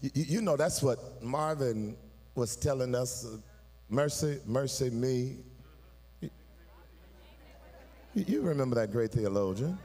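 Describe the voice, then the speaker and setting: A man preaching a sermon in a church. His delivery swings from low, confiding talk up to sung, shouted peaks, and he calls on the congregation to answer. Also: lively intonation, measured pace, pauses often. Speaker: pastor. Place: church sanctuary. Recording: live in a church hall, long reverb.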